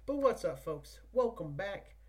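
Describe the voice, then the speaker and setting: Young male podcast host, higher-pitched, hyped and foul-mouthed. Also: sing-song, measured pace, over loud music. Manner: profane, slangy, hyped and rambling. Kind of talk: casual solo podcast chat.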